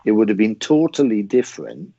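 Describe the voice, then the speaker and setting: A man's voice: fairly low pitch, big pitch swings, a little fast, vocal fry, dark tone. A man, a psychic medium guest on a chat show, talking earnestly and repeating words as he gathers his thoughts. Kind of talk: casual chat, storytelling. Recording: dull, muffled sound.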